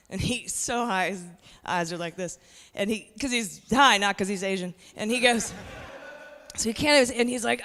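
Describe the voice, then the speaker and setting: A woman in her forties does a stand-up set on a comedy club stage, brash and conversational as she talks directly to the crowd. Her voice is medium-pitched and sharp at a normal speed, recorded with long hall reverb and faint noise.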